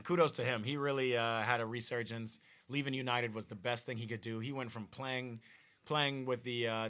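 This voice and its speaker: A man hosts a football watch-party stream, talking loosely and reading viewers' comments aloud. His voice is bright and forceful, sits at a medium pitch, and his sentences often stop and restart. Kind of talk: casual live-stream football chat.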